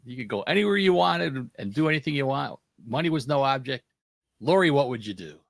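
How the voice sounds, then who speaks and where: A man's voice: medium pitch, fairly quick, gravelly, dry recording. A man from the United States hosting a casual panel podcast, telling stories and acting out quoted lines. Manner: animated storyteller, acts out quotes. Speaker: podcast host.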